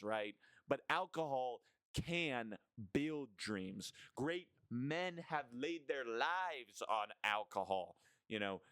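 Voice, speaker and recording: A young man rambles to camera in a loose, mock-serious monologue, checking in with "right?" and "bro" every few lines. His voice is smooth and crisp, sitting in an ordinary male range. The sound is dry and close, with no room around it. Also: medium pitch, a bit bright, dry recording. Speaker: vlogger.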